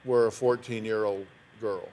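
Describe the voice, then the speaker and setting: Probing talk show host. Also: male voice, fairly low pitch, steady tone, normal speed, a little mellow, slight background noise. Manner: probing, asks pointed yes-or-no questions. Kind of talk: daytime talk show interview.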